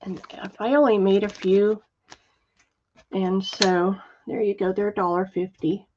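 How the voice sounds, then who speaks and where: A woman hosting a casual live sale, chatting slowly and softly with many fillers and reading out viewer comments. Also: mid-range voice, little pitch movement, slight background noise. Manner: chatty, warm-hearted, reads viewer comments aloud; slow, soft-spoken, with frequent fillers. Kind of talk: casual live selling chat. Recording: dull lo-fi livestream audio.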